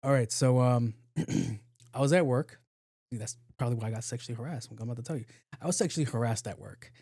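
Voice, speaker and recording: Male podcast host, mellow voice, dry close sound, animated solo storytelling. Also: medium pitch, fast talker, breathy edge, dry recording. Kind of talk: casual solo podcast monologue. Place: home studio, on camera.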